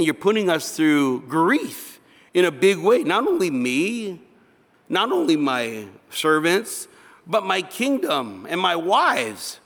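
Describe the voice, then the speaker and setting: A man's voice: sits high, gravelly, a bit bright, pitched above the performer's own voice, heavily acted. A man voicing an indignant ancient king who demands answers, in exasperated pleading questions. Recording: reverberant hall.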